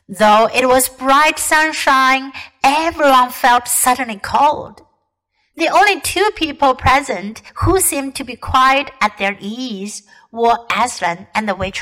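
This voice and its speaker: A woman teacher reading a classic storybook aloud in a careful, expressive way. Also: high-pitched, poor audio.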